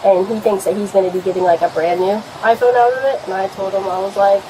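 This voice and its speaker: A woman's voice: medium pitch, quick pace, hardly any pauses, background noise. A young woman giving a statement to police about an argument, rambling and swearing with many fillers, recorded on a body camera at a home. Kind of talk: recounting an argument to an officer.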